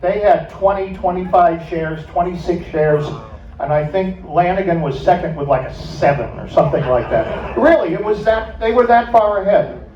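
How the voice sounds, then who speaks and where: Older man, somewhat high voice, animated storyteller, echoey hall sound, heard from a distance. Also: moderate pace. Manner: animated, laughs through his anecdote. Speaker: former radio station staffer. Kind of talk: storytelling on stage. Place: stage at a music club. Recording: echoey, dull, from far off.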